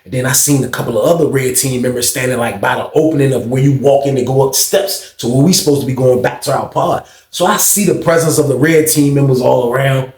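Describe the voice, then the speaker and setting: A man's voice: medium pitch, quick pace, few pauses, darkish tone. A man casually telling a storytime tale in slang, animating it with acted-out dialogue. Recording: roomy echo.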